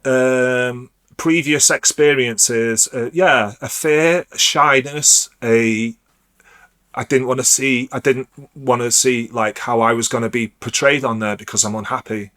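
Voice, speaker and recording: A man, a DJ guest telling a personal story in a rambling, halting way, full of restarts. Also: mid-range voice, fairly even intonation, fairly bright tone. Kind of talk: casual storytelling.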